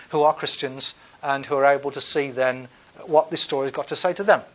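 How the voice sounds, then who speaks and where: A man with a high-pitched voice teaching a class in a loose, thinking-aloud way. He fills pauses and restarts his sentences often, and keeps a wry, relaxed tone throughout. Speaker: lecturer. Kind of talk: classroom lecture.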